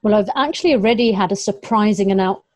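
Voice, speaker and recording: A woman's voice: mid-range voice, fast, no room sound. A young adult woman, a long-distance runner, chatting casually in an interview, laughing often and quoting herself. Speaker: ultrarunner guest.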